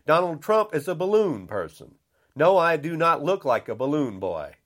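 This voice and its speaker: A man's voice: a little high, big pitch swings, moderate pace, fairly bright tone. An older man delivering an angry, blunt rant, repeating himself and saying how upset he is. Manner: indignant, repetitive, blunt.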